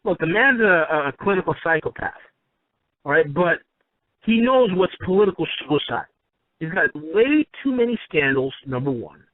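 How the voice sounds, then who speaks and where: A man's voice: fairly high pitch, big pitch swings, normal speed, no echo. Emphatic man on a tinny phone line. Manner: emphatic, rambling with restarts. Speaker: commentator. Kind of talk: opinionated monologue.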